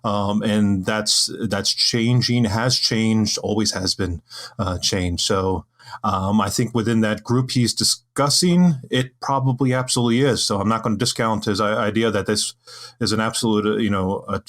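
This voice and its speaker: Guy on a podcast, lowish voice, stops and restarts a lot, thinking out loud. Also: steady tone, moderate pace. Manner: hesitant, many restarts and fillers. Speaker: podcast panelist. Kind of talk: casual podcast discussion.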